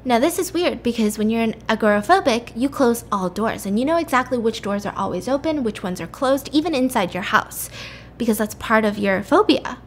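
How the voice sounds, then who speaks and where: A woman's voice: a little high, brisk, slight background noise. A woman host retelling a story in a chatty, casual way, full of "like" and asides. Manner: chatty, lots of "like", animated retelling. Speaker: podcast host.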